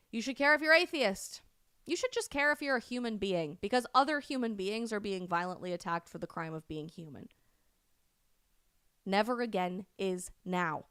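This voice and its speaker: Impassioned woman with a smooth, clear voice. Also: medium pitch, no echo, clean studio sound. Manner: emphatic, rising to loud indignant peaks. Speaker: host of a live stream show. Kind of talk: impassioned livestream commentary.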